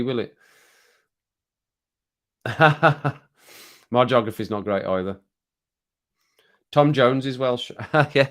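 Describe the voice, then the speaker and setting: A middle-aged man from the English Midlands, speaking with his local accent in a lowish voice. He chats casually to viewers on a home livestream, rambling from one thing to the next and chuckling along the way. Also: a bit bright. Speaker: livestream host. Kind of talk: casual chat with live viewers. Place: home streaming room.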